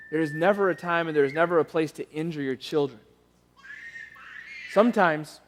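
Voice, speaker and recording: A man delivers a church sermon in a high-pitched voice, moving from animated storytelling to quiet, earnest pleading. His words trail into the long reverb of a large church auditorium. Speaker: pastor.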